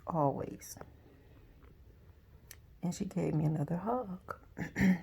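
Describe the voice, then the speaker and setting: Gravelly low-voiced woman, soft and halting. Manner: soft, halting, with frequent pauses and restarts; often drops to a near whisper. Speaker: vlogger. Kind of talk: personal storytelling.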